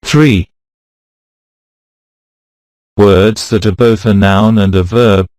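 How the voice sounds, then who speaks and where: In scripted instructional narration, a slow, low-voiced male pronunciation teacher reads words out one at a time. His intonation is fairly even, his tone a little mellow, clear and resonant, and the recording is dry and close.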